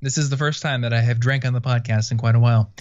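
A man's voice: mid-range voice, steady tone, quick pace, darkish tone, highs cut off. A man hosting a podcast, chatting casually and rambling with lots of fillers. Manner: laid-back, rambling with many fillers and laughs. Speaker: podcast host. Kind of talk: casual chat.

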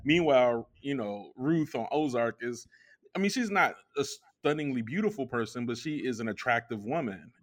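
A man's voice: medium pitch, expressive, moderate pace. A man co-hosting a casual podcast chat, frank and rambling with many restarts. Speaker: podcast co-host. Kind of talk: casual chat reviewing a TV series.

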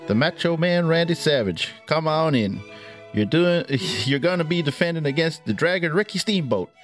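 Brief: man as a sarcastic ringside interviewer, lively pitch. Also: normal speed, faint music behind, close to an everyday voice. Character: male wrestling interviewer, dry and sarcastic. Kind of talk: comic reading of a promo.

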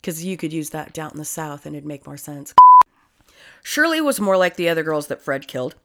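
Lively, foul-mouthed woman podcaster. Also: low voice, brisk, slight background noise. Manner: profane, rambling, jokey. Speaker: podcast co-host. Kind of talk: casual chat.

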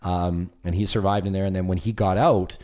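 A man with a very low, deep voice chatting casually. He tells long stories with lively energy and slips into the voices of the people he quotes. The talk is loose and conversational. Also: a little fast. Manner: animated storyteller, acts out quoted voices. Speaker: film producer guest. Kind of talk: casual chat.

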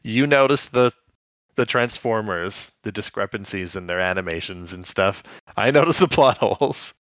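A man's voice: fairly low pitch, animated, moderate pace, fairly bright tone, no room sound, highs cut off. A man co-hosting a casual chat, recapping a cartoon episode and laughing often. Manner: laughs often, recaps scenes in acted quotes. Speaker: podcast co-host.

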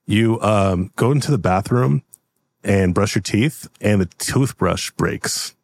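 A man narrating a tabletop role-playing game as game master, in an animated, loose way. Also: lowish voice, takes it slowly.

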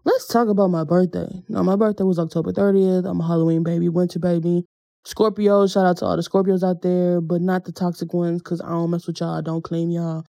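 A woman's voice: fairly low pitch, flat delivery, a little fast, gravelly, warm tone, dry recording. A young woman hosting her own podcast, talking candidly and casually in a reflective monologue with slangy turns of phrase. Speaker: podcast host.

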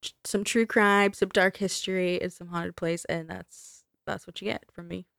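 A woman's voice: fairly low pitch, flat delivery, moderate pace, gravelly, a bit bright, clear, resonant tone, no echo, studio quality. A woman co-hosting a podcast, joking around, swearing freely and laughing often. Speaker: podcast co-host. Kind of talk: casual podcast chat.

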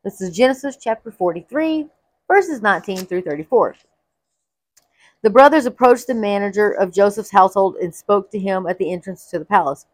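A woman reads a scripture story aloud in an expressive storytelling manner. Her voice sits at an ordinary middle pitch, and the recording is close and dry. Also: moderate pace, no echo. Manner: expressive reading, acting out quotes. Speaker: Bible story narrator.

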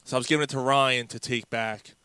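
Bright-voiced man telling stories, laughing. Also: mid-range voice, quick pace, clean tone, no room sound. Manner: animated storyteller, laughs often, mimics friends. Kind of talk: casual storytelling chat.

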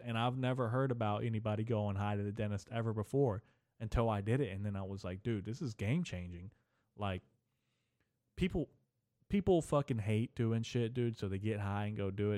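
Low, laid-back man rambling profanely. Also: a little mellow, no room sound, studio quality. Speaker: podcast host. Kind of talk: casual solo podcast storytelling. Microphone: camera mic.

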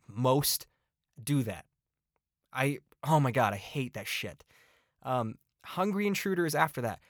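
A man hosts a casual album-review podcast in a voice of ordinary pitch. He is blunt and profane, and he piles up exasperated complaints. The recording is dry and close, with no room echo. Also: a bit bright. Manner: rants with repeated complaints. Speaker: podcast host.

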